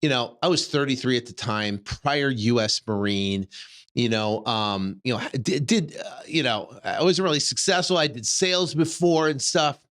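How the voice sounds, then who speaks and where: A man in his fifties with a middle-pitched voice tells a personal story casually. He keeps it animated, stumbling through fillers and restarts and acting out his own reactions. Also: moderate pace. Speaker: real estate investor and podcast host.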